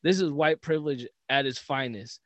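A man hosting a podcast who tells stories in casual chat, animated and profane, often laughing. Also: mid-range voice, moderate pace, no echo. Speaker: podcast host.

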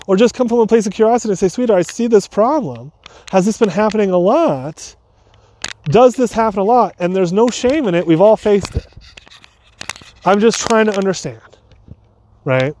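A man with a high voice talks through advice like a coach, rambling and doubling back on himself. A light hiss of noise sits under the recording. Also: darkish tone. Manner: loose, rambling, with restarts and asides. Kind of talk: casual advice talk.

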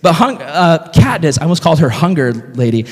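A young man preaching a casual youth sermon, telling stories in an animated way and saying "like" a lot. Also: on the high side, a little fast, slightly rough. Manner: animated storytelling, heavy use of "like". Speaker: youth pastor. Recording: long reverb of a hall.

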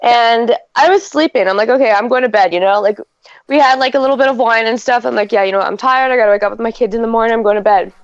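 Rambling mom telling a wild story. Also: female voice, a little high, fast, no room sound, lo-fi sound. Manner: rambling, full of "like", swears. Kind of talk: casual storytelling.

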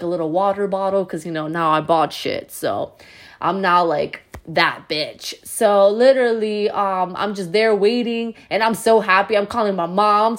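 A young woman from New Jersey telling a story in a chatty, animated way, with lots of "like". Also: medium pitch. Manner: chatty, animated, heavy use of "like". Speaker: vlogger. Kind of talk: storytime vlog.

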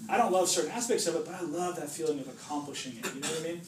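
A man's voice: a little high, very fast. A man giving an informal sermon to a small group, chatty and joking, asking "right?" often. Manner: chatty, jokes and acts out voices, asks "right?" often. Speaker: preacher. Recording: roomy distant recording with background noise.

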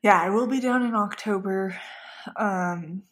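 A woman's voice: medium pitch, unhurried, crowd noise. Gushing, giggly woman podcast co-host. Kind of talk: casual chat.

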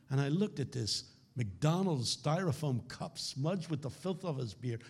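A man preaches a keynote at a conference in a husky, slightly breathy voice. His pitch swings widely as he tells stories dramatically, often sinking to hushed lows for emphasis. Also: big pitch swings, unhurried. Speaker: keynote speaker. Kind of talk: conference sermon. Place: conference hall.

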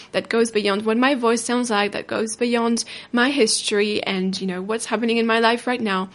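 A woman hosting a podcast as a self-love coach, telling a personal story in a reflective way that slows down on emotional words. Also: a little high. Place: indoor studio.

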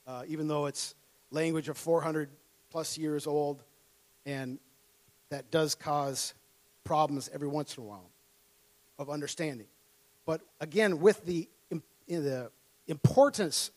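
A man from Minnesota delivers a sermon through a personal story, with a fairly high voice. He acts out his younger self in excited tones and laughs often as he talks. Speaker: preacher.

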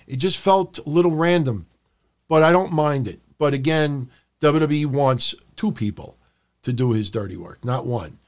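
A man co-hosting a wrestling talk podcast, his voice sitting slightly high for a man. He swears freely and acts out bits of his rants, raising his voice as he goes. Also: moderate pace. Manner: profane, animated, acts out rants in a raised voice. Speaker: podcast co-host.

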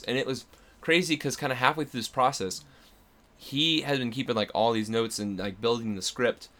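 Young guy, actor guest on a podcast, bright voice, keeps restarting sentences and laughing. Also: medium pitch, a little fast. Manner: rambling, laughing, self-interrupting storyteller. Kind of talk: casual podcast chat.

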